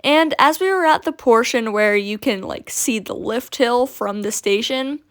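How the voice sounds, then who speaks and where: A teenage girl vlogger tells a casual storytime in a fairly high voice. She chats freely and drops "like" often. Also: lively intonation, measured pace. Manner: chatty, peppered with "like". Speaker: coaster vlogger.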